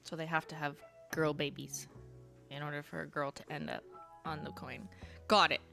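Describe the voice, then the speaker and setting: Thirties woman from Canada, YouTuber host, lower voice, casual and giggly, faint background music. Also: little pitch movement, normal speed, vocal fry, bright, forceful tone. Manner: chatty, reads letters aloud, laughs often, swears casually. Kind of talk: casual livestream reading fan mail.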